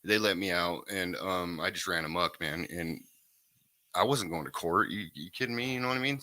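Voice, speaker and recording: A man, talking low and deep in a laid-back, rambling way. His voice has a bright, forward edge, and the recording is close and dry with no room sound. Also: brisk, dry recording. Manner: laid-back, rambling, lots of "you know what I mean". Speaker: guest sharing recovery story. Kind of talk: casual interview chat.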